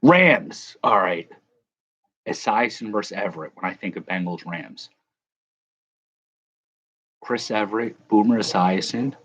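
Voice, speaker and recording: A man's voice: on the low side, animated, unhurried, pauses often, a bit bright, slightly rough. A man hosting a casual live chat, rambling and correcting himself as he answers viewers. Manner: rambling, self-correcting, chuckling. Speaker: livestream host.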